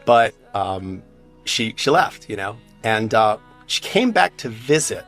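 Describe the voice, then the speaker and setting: A man's voice: lowish voice, sing-song, takes it slowly, a bit bright, soft background music. A man who works as a divorce lawyer, telling a personal story in an emotional way and holding back tears. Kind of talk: personal story in a podcast clip.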